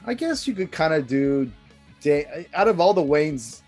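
A man's voice: on the high side, very animated, a little slow, darkish tone, faint music behind. A man in his thirties co-hosting a casual podcast, talking eagerly in rambling bursts with restarts and swearing. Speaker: podcast co-host. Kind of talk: casual chat about sitcoms.

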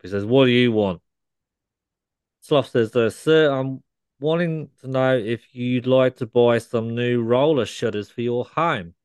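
A man's voice: medium pitch, smooth, no room sound, natural voice. A man voicing a cheesy male car salesman, telling corny dad jokes in punchline rhythm. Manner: corny punchline delivery, stammering gag voice.

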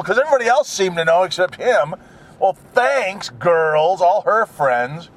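A man's voice: high-pitched, expressive, measured pace. A middle-aged man chatting casually while driving, rambling from topic to topic and grumbling at other drivers. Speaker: vlogger. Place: in a car.

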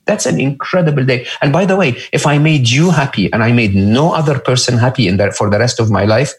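A man with a non-native English accent, speaking as a podcast guest, earnest and emphatic, often checking in with "okay?" and rising sharply in pitch to stress points. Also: fairly quick, rough recording. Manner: lively swings in pitch when stressing points. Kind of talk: conversational interview.

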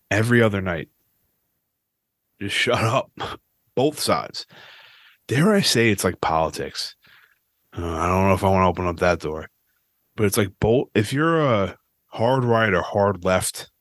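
A man's voice: on the low side, fairly bright tone, no echo, studio quality. Profane ranting podcast host, man. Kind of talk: casual podcast rant.

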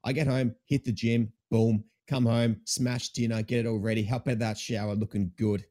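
A man's voice: medium pitch, little pitch movement, normal speed, mellow. A young adult man with an Australian accent, chatting casually and upbeat as a guest streamer, with loose slangy phrasing. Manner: laid-back, upbeat, slangy. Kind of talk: casual chat.

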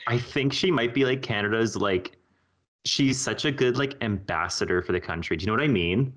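A man's voice: mid-range voice, fairly quick, fairly bright tone. A man in his thirties co-hosting a podcast in a casual, campy, teasing way. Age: 30s. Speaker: podcast co-host. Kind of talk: casual chat.

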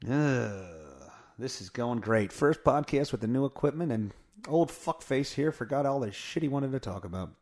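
A man's voice: mid-range voice, animated, moderate pace, darkish tone. A man hosting his own podcast in a casual, blunt and profane rant, poking fun at himself, recorded at home on a mic with a pop filter. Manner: blunt, profane, self-mocking. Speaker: podcast host. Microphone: studio mic with pop filter through a mixer.

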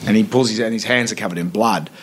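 A man in his fifties with an Australian accent, a radio host chatting as a guest in a podcast studio, telling animated stories with many restarts. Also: on the low side, fast, breathy edge. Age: 50s. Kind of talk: casual interview chat.

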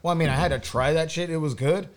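Podcast host, man, rambling storyteller, quick delivery, lots of swearing and restarts. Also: fairly high pitch, slight background noise. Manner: rambling, profane, stumbling restarts. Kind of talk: casual storytelling chat.

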